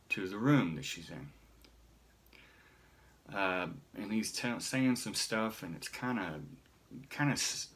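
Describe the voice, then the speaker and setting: A middle-aged man telling a personal story in a halting way, often restarting his sentences. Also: fairly low pitch, fairly bright tone.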